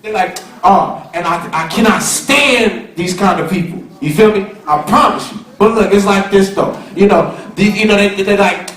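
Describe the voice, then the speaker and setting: A guest speaker from the California Bay Area gives a rambling, slang-heavy informal lecture to students in a university hall, often repeating himself. His voice sits high with a fairly bright tone and moderate pace. Captured from far off in an echoey hall, it carries audience murmur in the background.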